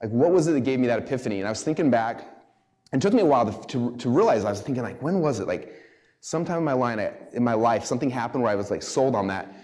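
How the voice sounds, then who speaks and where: A man telling stories to a room of business owners in a rapid, animated way. He speaks in a mid-range voice and scatters "like" and restarts through nearly every sentence. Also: medium pitch. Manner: animated, filler-heavy, lots of "like". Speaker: presenter speaking to a small business group. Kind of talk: casual storytelling talk.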